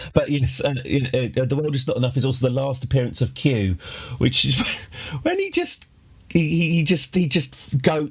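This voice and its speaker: A man's voice: fairly low pitch, darkish tone. A man chatting casually on a live stream, rambling and wry, with many restarts. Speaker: game streamer.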